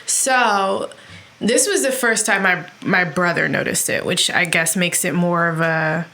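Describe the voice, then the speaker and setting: Animated young woman telling a story. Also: lowish voice, unhurried, a little hiss or hum. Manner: animated storyteller, acts out quotes. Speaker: podcast co-host. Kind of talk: casual chat.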